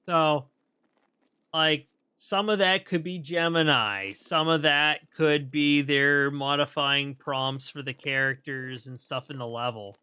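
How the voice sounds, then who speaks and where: A man gives relaxed, rambling commentary while he plays a game, pausing to think aloud and clearing his throat now and then. His voice is bright and smooth. He talks at a slow, easy pace. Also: a little high. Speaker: game streamer. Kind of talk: casual gameplay commentary.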